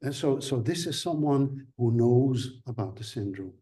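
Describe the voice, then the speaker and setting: A man's voice: mid-range voice, lively intonation, measured pace, mellow, husky. A male lecturer giving a seminar talk, hesitant with many fillers and restarts.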